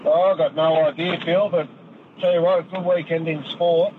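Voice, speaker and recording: A man's voice: a little high, little pitch movement, normal speed. A man calling a radio show, easygoing and hesitant. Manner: easygoing, hesitant, says mate a lot. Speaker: radio caller. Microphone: phone. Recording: noisy phone line with passing traffic.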